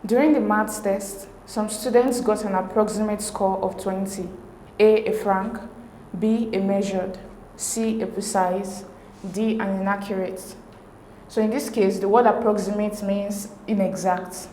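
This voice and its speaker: A woman's voice: mid-range voice, steady tone, dark tone. Methodical woman tutor, roomy echo. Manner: measured, methodical reading of options. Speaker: exam tutor. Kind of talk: explaining exam answers. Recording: roomy echo with faint hiss.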